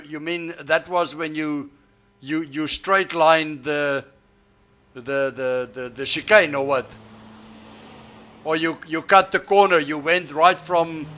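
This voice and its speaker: A man's voice: on the high side, bright, forceful tone. A man streaming a sim race, chatting and teasing his friends over voice chat, often restarting his words. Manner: halting, repeats words as he restarts. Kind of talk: casual chat over voice chat while racing.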